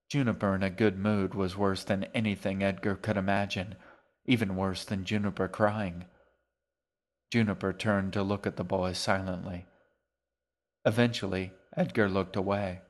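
A man reading his own novel aloud as a podcast, in measured, even storytelling narration. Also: low voice.

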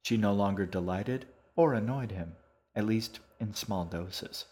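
A man narrating an audiobook in an even, unhurried storytelling manner. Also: on the low side. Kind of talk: scripted narration.

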